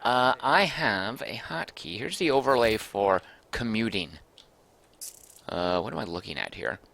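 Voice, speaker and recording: A man's voice: fairly low pitch, animated, unhurried, gravelly, a bit bright. A man casually commenting as he streams a game, thinking aloud and reading out viewer comments.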